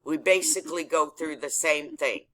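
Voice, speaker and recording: A woman's voice: low-pitched, moderate pace, a bit bright. A woman telling a story in casual chat, blunt and profane in manner.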